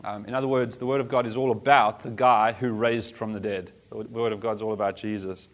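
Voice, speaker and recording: A man's voice: on the low side, fairly even intonation, a little fast. A man, a pastor, giving a sermon in a casual, conversational way with everyday slang.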